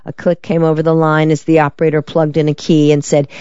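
Smooth, dry audiobook narrator. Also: medium pitch, level tone, fairly quick, few pauses, a little mellow, no room sound, dull audio. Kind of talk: scripted narration.

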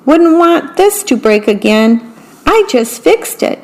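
A woman voicing a gentle, calm old grandmother. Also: high voice, slow, voice pushed up, heavily acted. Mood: gently scolding. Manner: gentle, reassuring. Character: kind, calm elderly grandmother.

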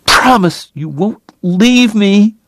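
A distraught woman with a French accent begs in a raised, tearful voice, as a male narrator puts her on. Her pleading lines climb well above his usual pitch, and the dry audiobook sound keeps her close. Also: lively intonation, slow, fairly bright tone, no room sound, full character voice. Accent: French, put on.

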